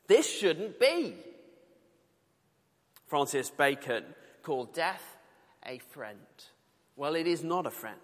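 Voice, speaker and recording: A British preacher with a bit of brightness in his mid-range voice reads scripture and adds colloquial asides, earnest and conversational throughout. A large hall's long reverb surrounds him.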